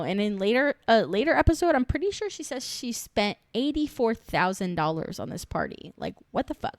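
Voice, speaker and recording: A woman's voice: fairly high pitch, clear, resonant tone, no room sound. Chatty, sarcastic young woman. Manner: chatty, sarcastic, swears freely, laughs often. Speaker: reaction vlogger. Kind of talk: casual recap chat.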